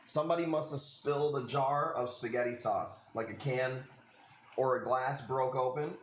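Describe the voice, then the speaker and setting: A man's voice: medium pitch, fairly even intonation, moderate pace, reverberant, a little hiss or hum. A man in his late thirties hosting a live stream, casually rambling through a story with lots of swearing and "dude.". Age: 30s. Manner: rambling, profane, says "dude" constantly. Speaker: livestream host.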